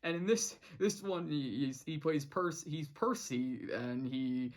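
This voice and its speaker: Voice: mid-range voice, measured pace. A cartoon reviewer recapping an episode in a casual vlog, rambling with many restarts and quoting the characters' lines.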